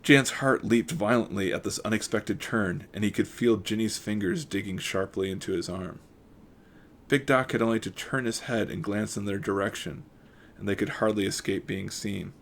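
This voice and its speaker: A man reading a mystery novel aloud at an even pace, with occasional stumbles and self-corrections and casual asides. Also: fairly low pitch, moderate pace, gravelly, a little hiss or hum. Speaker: audiobook reader.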